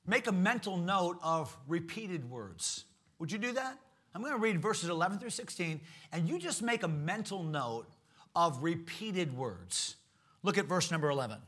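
A man's voice: high voice, a bit bright, breathy edge. A man preaching a sermon in an emphatic way, repeating key words and asking the congregation rhetorical questions.

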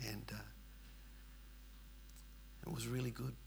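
An older Australian man tells his own story with a gravelly, creaky edge to his voice. He speaks earnestly and emphatically, and his sentences ramble and circle back. A faint hiss sits under the recording. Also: medium pitch, little pitch movement, slow, darkish tone. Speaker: churchgoer telling his story. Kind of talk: personal testimony storytelling.

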